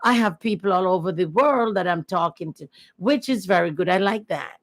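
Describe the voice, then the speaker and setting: A woman's voice: on the low side, normal speed. A woman chatting casually and earnestly on her first livestream, repeating herself often. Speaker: livestream host.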